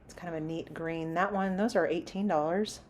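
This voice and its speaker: A woman's voice: lowish voice, steady tone, moderate pace, a little hiss or hum. Chatty woman vlogging a store walkthrough. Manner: chatty, lists prices while browsing. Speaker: shopping vlogger. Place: inside a large home improvement store.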